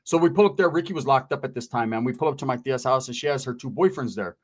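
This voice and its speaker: A man's voice: mid-range voice, fast. Profane rambling man telling a story. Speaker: comedian. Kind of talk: raunchy comic storytelling.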